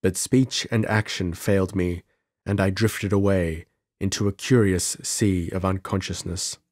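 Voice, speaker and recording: A man reading an audiobook as narrator in a measured, steady scripted narration, recorded on a close mic. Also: low voice, dry recording.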